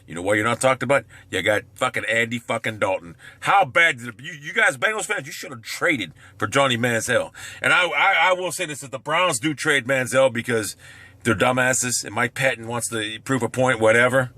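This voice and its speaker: Male vlogger, brash profane sports rant, sharp forceful voice. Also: moderate pace, no room sound. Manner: brash, swearing, lively pitch swings.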